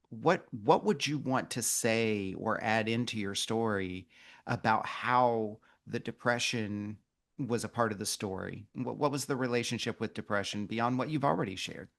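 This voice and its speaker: Male host and coach, deep voice, measured and reflective pace. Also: gravelly, fairly bright tone. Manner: measured and thoughtful, slows down on key words, with small restarts. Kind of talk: reflective interview questions.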